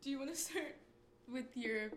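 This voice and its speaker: A woman's voice: high-pitched, normal speed, slight background noise. A young woman co-hosting a podcast, laughing often and rambling through casual retellings. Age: young adult. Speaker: podcast co-host. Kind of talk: casual chat.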